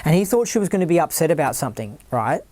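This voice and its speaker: A podcast host talking in a casual, rambling monologue, full of "like" and repeated words, sometimes putting on a higher, worried voice to mimic others. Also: big pitch swings, fast talker, a little mellow.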